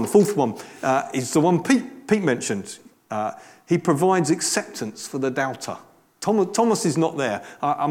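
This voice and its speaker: A man's voice: on the high side, darkish tone. A man giving a conversational, earnest sermon with frequent restarts. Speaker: preacher.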